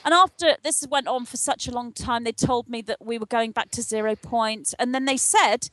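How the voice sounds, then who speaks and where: An older woman telling her spiritual experiences in an interview, earnest and animated, acting out the voices in her story. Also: fairly high pitch, moderate pace, hardly any pauses. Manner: earnest, animated retelling with acted-out dialogue. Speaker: guest, spiritual channel.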